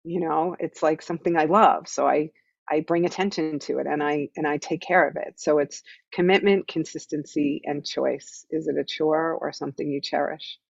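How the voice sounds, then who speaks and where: A woman's voice: sits low, steady tone, moderate pace, gravelly, no room sound. A woman meditation teacher speaks as an interview guest in an earnest, explanatory way. She often checks in with "right?" as she makes her points. The recording is a little dull and very dry.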